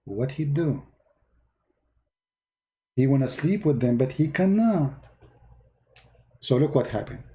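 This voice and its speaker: A man hosting a casual online commentary, talking sarcastically to his viewers in halting, non-native English with grammar slips. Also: medium pitch, expressive, dark tone. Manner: sarcastic, mocking, talks directly to viewers.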